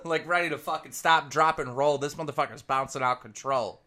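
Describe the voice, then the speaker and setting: A man commentator telling a rambling, profane comic story with animated energy. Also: on the high side, moderate pace.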